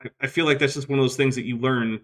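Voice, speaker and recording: A man's voice: mid-range voice, steady tone, fast talker, a bit bright. A man hosting a casual livestream, reading viewer comments with wry, skeptical asides. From United States. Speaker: host.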